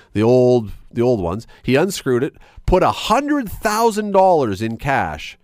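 Over a studio mic, a call-in radio host chats and thinks out loud while leading up to a question for his audience. His voice sits at a medium pitch, and the recording is clean with no room sound.

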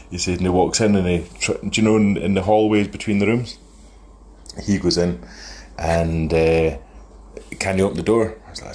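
A man in his thirties, telling a long, rambling story in a phone voice note and chuckling as he goes. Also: low voice. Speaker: caller sending a voice note. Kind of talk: casual storytelling.

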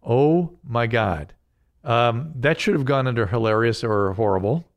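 A man's voice: mid-range voice, measured pace, dry recording. A man hosting a podcast, commenting casually on viral videos with amused, laughing reactions. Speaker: podcast host.

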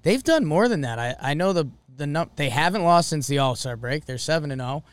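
A man co-hosting a sports podcast in casual, excitable chat. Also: a little high, a little fast, clean tone, dry recording. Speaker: podcast co-host.

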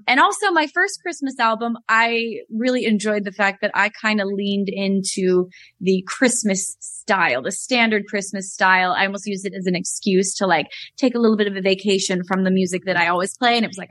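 A woman's voice: medium pitch, brisk, fairly bright tone, dry recording. A woman in her thirties, a musician guest in an interview, talking earnestly and chattily with lots of fillers. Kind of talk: conversational interview.

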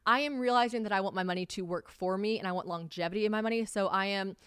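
A woman's voice: fast, a bit bright, clear, resonant tone, no echo, studio quality. Chatty, swearing young woman podcaster. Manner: chatty, swears a lot, acts out quotes with big pitch jumps. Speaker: podcast host. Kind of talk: casual solo podcast chat.

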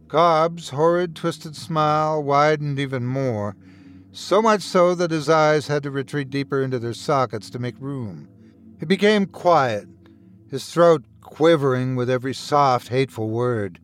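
A man reading a horror story aloud as podcast host, in a dramatic, expressive manner. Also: mid-range voice, measured pace. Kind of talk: scripted horror narration.

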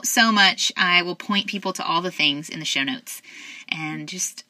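A woman's voice: fairly low pitch, moderate pace, sharp tone, a little hiss or hum. A woman hosting an interview, affirming and heartfelt as she sums up and thanks her guest. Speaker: podcast host. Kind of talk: casual interview chat.

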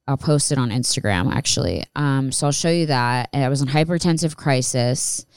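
A woman's voice: extremely low pitch, expressive, normal speed, darkish tone, clear, resonant tone, no room sound. A woman in her thirties telling a personal story in a candid, rambling way and swearing freely. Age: 30s. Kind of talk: casual storytelling monologue.

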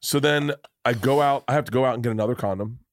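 A man's voice: medium pitch, fast talker. A man hosting a podcast, telling a self-deprecating comic story with lots of restarts and laughter. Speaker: podcast host. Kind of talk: casual comedic storytelling.

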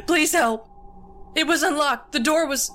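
A woman voicing a terrified young woman who cries out in high, panicked bursts in a horror audiobook. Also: steady tone, takes it slowly, faint music behind. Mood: screaming.

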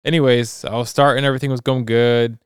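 A man's voice: mid-range voice, fast, clear, resonant tone, no room sound, studio quality. A young adult man co-hosting a podcast, chatting casually and acting out sounds and quotes as he tells an anecdote. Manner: animated, acts out sounds and quotes. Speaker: podcast co-host. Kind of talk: casual storytelling chat.

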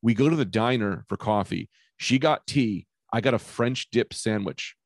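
A man chatting on a podcast, a loud, animated storyteller who swears freely. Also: on the low side, moderate pace, creaky, no room sound. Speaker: podcast guest, comedian. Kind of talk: casual chat.

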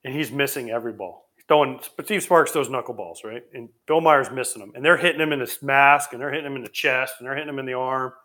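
A man, a former ballplayer co-hosting a podcast, telling a story in an animated, excitable way. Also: medium pitch, quick pace, hardly any pauses. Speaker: former pro baseball player, co-host.

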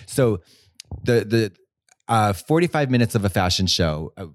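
A man's voice: on the low side, animated, normal speed. A man co-hosting a podcast in casual chat, rambling and swearing, with many restarts and fillers. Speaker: podcast co-host.

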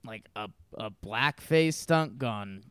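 A young man co-hosting a casual podcast, answering with dry, deadpan quips. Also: medium pitch, slow, clear, resonant tone, no echo. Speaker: podcast co-host. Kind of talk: casual chat.

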